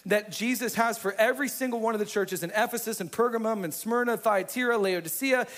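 A male pastor preaching an energetic, conversational sermon, often checking in with the congregation. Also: high-pitched, fairly quick. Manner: energetic, conversational, asks the room "right?".

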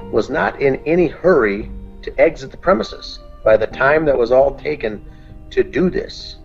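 A man's voice: mid-range voice, a little mellow. Methodical man on a dull line. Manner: methodical, lists facts point by point. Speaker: podcast co-host, group admin. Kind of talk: detailed discussion.

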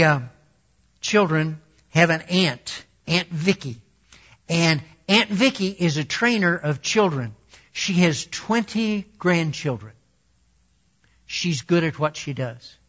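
Brief: male preacher, high voice, casual and self-deprecating, on a dull lo-fi recording. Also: a bit bright. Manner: conversational, self-deprecating, laughing asides. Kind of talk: sermon.

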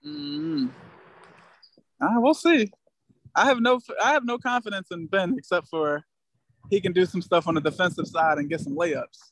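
A man's voice: sits high, moderate pace, creaky, long pauses, a bit bright, dry recording. A man co-hosting a casual sports podcast, earnest and opinionated with slangy speech. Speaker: podcast co-host.

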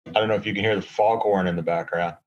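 A man with a low, steady voice talks fast on a lo-fi podcast recording made from a hotel room. As co-host, he chats casually and sarcastically, rambling with lots of fillers.

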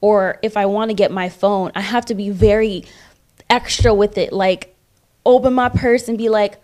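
Woman, casual discussion, animated storyteller, acts out voices, middle pitch. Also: normal speed. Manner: animated storyteller who acts out the voices of people in her stories.

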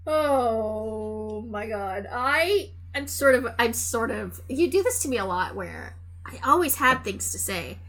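A woman's voice: high voice, big pitch swings, moderate pace, a bit bright. A woman co-hosting a podcast, teasing her co-host in an exasperated tone and hesitating often as she gathers her thoughts. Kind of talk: casual chat, film review. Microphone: remote recording, separate room from co-host.

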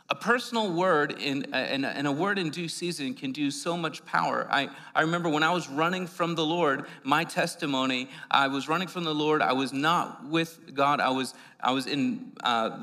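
A man's voice: on the high side, moderate pace, sharp tone. Man preaching in an echoing hall. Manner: conversational preaching with repeated words and fillers. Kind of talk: sermon. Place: church sanctuary. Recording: long hall reverb.

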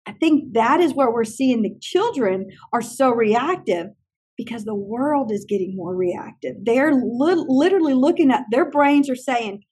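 A woman who trains teachers, telling animated stories in an interview and acting out other people's lines. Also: a little high, unhurried, breathy edge. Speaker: teacher trainer and classroom consultant. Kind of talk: conversational interview storytelling.

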